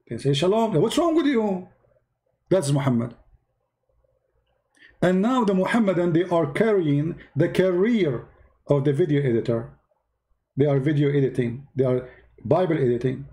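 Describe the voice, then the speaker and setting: A man's voice: fairly high pitch, mellow. A man giving heated, mocking commentary in broken English, scolding and repeating himself. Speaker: host reacting to a video.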